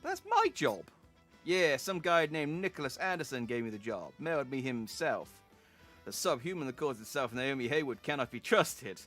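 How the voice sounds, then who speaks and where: A man voicing a cocky male journalist rival with a put-on Boston accent, swaggering and mocking, a little higher and louder than his own voice. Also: sing-song, normal speed, soft background music. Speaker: streamer reading game dialogue.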